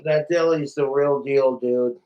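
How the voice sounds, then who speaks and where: Slow-talking man ranting on a livestream. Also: mid-range voice, lo-fi sound, slight background noise. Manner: profane, animated, talks to viewers. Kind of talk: casual rambling monologue. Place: home, overnight livestream.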